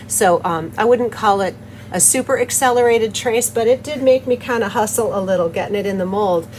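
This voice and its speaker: A woman with an ordinary pitch chats in a relaxed, cheerful way as she works, often breaking into giggles. She hosts her own soap-making channel from her home studio. A faint noise sits under her voice. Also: low-quality recording. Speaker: soap maker and channel host. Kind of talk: casual chat while making soap.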